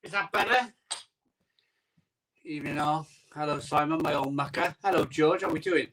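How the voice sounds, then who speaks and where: Bloke rambling on his live stream, bit high voice, chatting away on his phone. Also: moderate pace, fairly bright tone, distant mic, low-quality recording. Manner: rambling, chatty, reads out viewer comments. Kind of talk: casual live-stream chat. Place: home conservatory. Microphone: iPhone microphone.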